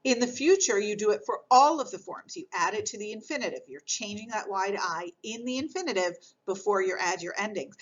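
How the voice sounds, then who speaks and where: A woman explaining grammar in a recorded lesson, patient and clear, repeating key points as she goes. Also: mid-range voice, lively intonation, brisk, few pauses, dull audio. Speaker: French teacher.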